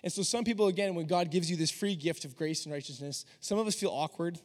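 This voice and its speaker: A young man preaching with a slightly high voice. He talks in an earnest, conversational way. A long hall reverb trails each phrase. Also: fast, darkish tone. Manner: earnest, conversational, acts out quoted dialogue. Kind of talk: sermon.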